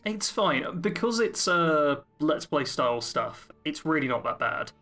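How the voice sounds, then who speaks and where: A man's voice: a little high, lively intonation, measured pace, bright, forceful tone, soft background music. Chatty upbeat male podcast co-host. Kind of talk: casual podcast chat.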